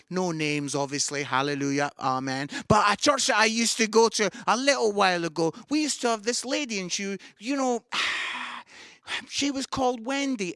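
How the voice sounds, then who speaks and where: A man preaching an online sermon, animated and enthusiastic, shouting some lines and growing soft and low at others. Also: dry recording, studio quality. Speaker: pastor.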